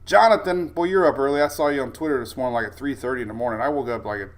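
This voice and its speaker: A middle-aged man hosts a live weather stream. He chats easily and greets his viewers one by one, with a lot of laughter. His voice sits at an ordinary pitch for a man. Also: rapid-fire. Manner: chatty, greets viewers by name, laughs often. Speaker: weather livestream host. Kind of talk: casual live-stream chat.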